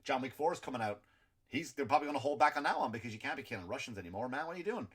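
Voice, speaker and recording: Irish man, comedy podcast host, ranting stand-up delivery, loud bursts then low mutters, stumbling restarts. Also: expressive, rapid-fire, slightly rough. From Ireland. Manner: ranting, swearing, many restarts and repeated words; swings between loud outbursts and low mutters. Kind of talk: stand-up style rant.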